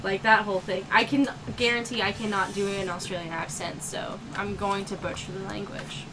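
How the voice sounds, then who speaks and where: A woman player chatting casually at a tabletop game, speaking haltingly and laughing often. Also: medium pitch, fairly even intonation. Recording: noisy home mic.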